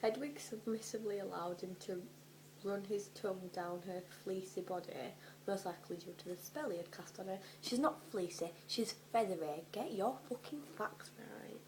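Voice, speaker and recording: A young woman doing a comedic dramatic reading, animated and sweary, often dropping into whispers for her asides. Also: medium pitch, moderate pace, a little hiss or hum, rough recording. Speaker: vlogger.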